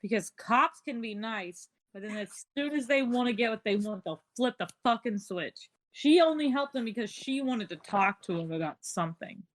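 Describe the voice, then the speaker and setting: Woman doing a mouthy punk teen girl, swears a ton, mocking, kinda high voice. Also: animated, normal speed, few pauses, lightly acted. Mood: combative. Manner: blunt, swears constantly, mocking. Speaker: player. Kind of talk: tabletop role-play, in character.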